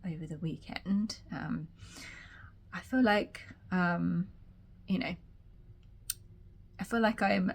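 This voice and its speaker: A woman vlogging casually from her sewing room, a little croaky and tired, rambling chattily with many fillers. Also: fairly low pitch. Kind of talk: casual chat to camera.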